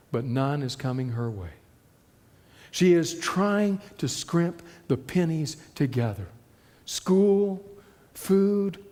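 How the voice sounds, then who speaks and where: Slow, dramatic male preacher in a reverberant hall. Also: fairly high pitch. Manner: dramatic storytelling, dropping to hushed tones. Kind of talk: sermon. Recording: long reverb of a large hall.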